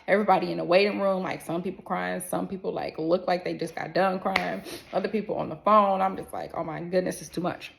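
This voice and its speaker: Gravelly-voiced woman telling a story. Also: lowish voice, a little fast, background noise. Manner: animated storytelling, acts out others, swears freely. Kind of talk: casual storytime vlog.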